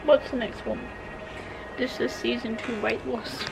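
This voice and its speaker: A woman's voice: fairly high pitch, fairly even intonation, unhurried, creaky, rough recording. A young woman chatting casually and emotionally as she reacts to an album, gushing about the songs. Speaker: vlogger reacting to music. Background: pop music playing.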